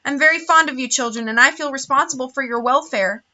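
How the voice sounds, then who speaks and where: A woman reading aloud voices a kind, thoughtful woman judge who speaks carefully and in a measured way. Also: sits high, sharp tone. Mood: gentle.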